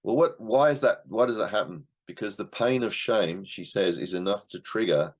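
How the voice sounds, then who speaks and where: A man's voice: fairly low pitch, expressive, moderate pace. A middle-aged man leading an online class discussion of a book, in a conversational way, repeating words and acting out short quotes. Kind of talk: casual teaching talk to an online class.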